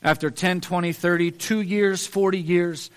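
A man's voice: high-pitched, fairly even intonation, normal speed. A man preaching a sermon, earnest and pleading, building emphasis on repeated phrases.

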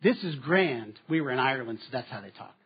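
A man preaching a sermon, moving between strong statements and quiet asides. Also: medium pitch, animated, brisk, breathy edge. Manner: dynamic preaching, dropping to quiet asides with laughs. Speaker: pastor. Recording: slightly dull, muffled sound.

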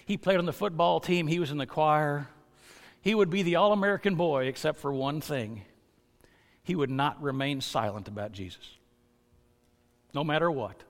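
A man preaching a sermon as pastor, earnest and building to loud, emphatic stresses. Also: fairly high pitch, gravelly, in a large hall.

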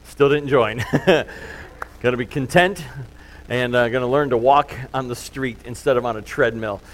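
A man's voice: medium pitch, unhurried, poor audio. A middle-aged man preaching a sermon in a loose, conversational way, full of fillers and self-deprecating asides. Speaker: pastor.

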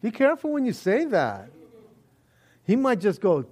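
Guy preaching, high voice that jumps all over, jokey and animated. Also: moderate pace. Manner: animated, jokey, acts out quoted prayers and voices. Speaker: pastor. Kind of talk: sermon.

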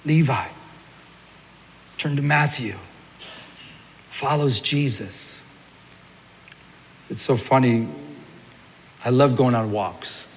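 A man preaching a sermon as pastor, telling everyday stories in an animated way and acting out little scenes. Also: medium pitch, slow, long pauses, long reverb tail, a little hiss or hum.

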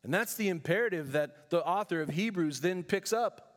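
A pastor from California preaching a sermon in a church, emphatic, with rhetorical questions and storytelling asides. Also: male voice, high-pitched, lively intonation, normal speed, in a large hall.

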